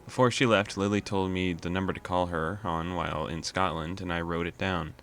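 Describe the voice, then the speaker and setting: A man's voice: sits low, fairly even intonation, a little fast, a bit bright. A man hosting a let's play, casually reading a visual novel's narration aloud with amused asides.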